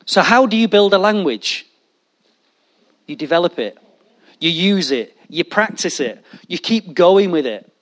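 A man preaching a sermon, animated and jokey, talking straight to his congregation. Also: high-pitched, unhurried, pauses often. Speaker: pastor.

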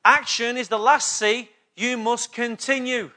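A man's voice: very high voice, steady tone, measured pace, bright, forceful tone. A man preaching a sermon as pastor of his church, emphatic and repetitive, often checking in with the congregation. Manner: emphatic preaching with repeated call-and-response questions.

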